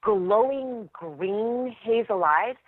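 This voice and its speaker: A woman actress telling stories as a podcast guest, animated and laughing often. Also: on the high side, very slow, dry recording. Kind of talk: interview storytelling. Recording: dry tinny phone line.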